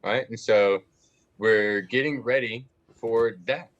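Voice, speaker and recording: A man's voice: mid-range voice, slow pace, a bit bright, highs cut off. A man from the United States, a guest on a casual livestream chat, easygoing and laughing often. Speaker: guest, project founder.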